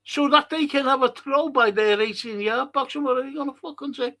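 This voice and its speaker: Gravelly high-voiced streamer ranting. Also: male voice, a little fast, hardly any pauses, sharp tone. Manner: heavy swearing, blunt exasperated rants. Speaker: football watch-along streamer reading chat. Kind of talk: live-stream football chat.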